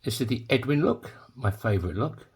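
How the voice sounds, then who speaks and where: A man's voice: mid-range voice, animated, a little fast, background noise. A man talking casually while making a coin ring in his workshop, full of joking, rambling asides. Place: home workshop.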